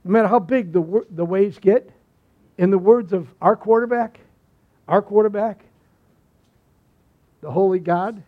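A man's voice: high voice, a little slow, pauses often. A male pastor preaching a sermon, telling stories in a folksy way with repeated phrases and asides. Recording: slightly muffled recording.

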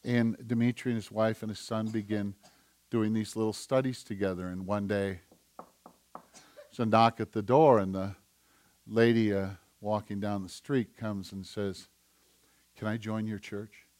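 A man preaching a sermon in an earnest, emphatic manner, sometimes dropping to a hush. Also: fairly low pitch, steady tone, measured pace. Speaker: pastor.

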